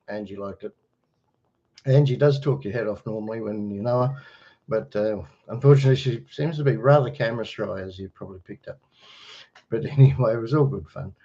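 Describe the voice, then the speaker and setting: A man's voice: medium pitch, a little mellow. A middle-aged Australian man hosting a casual livestream, chatting and rambling with viewers, greeting them by name and chuckling often. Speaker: livestream host. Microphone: webcam microphone. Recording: slightly dull webcam audio.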